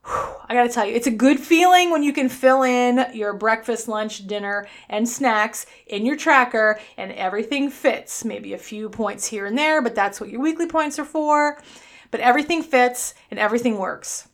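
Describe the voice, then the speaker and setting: Woman, New York accent, podcast host, slightly high voice, upbeat and blunt. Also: moderate pace. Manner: chatty, upbeat, blunt and self-mocking. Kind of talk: solo weight-loss podcast chat.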